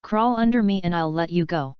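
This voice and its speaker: A boastful pirate thug sneers and brags, as a woman reads him aloud. The voice sits a little low and very clear. The recording is dry and dull, like a lo-fi storybook reading. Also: fairly quick, dry recording, lightly acted. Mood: mocking. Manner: mocking, smug.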